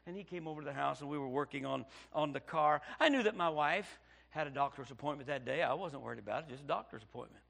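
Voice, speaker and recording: Gravelly preaching man with drawl. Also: on the high side, fast. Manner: preaching with sudden loud outbursts and hushed storytelling. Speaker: pastor. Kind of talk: sermon testimony.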